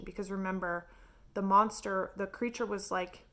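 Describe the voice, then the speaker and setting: A woman's voice: mid-range voice, flat delivery, moderate pace, a bit bright. A woman reviewing a novel in casual, chatty talk full of filler words. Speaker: book reviewer. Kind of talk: casual chat.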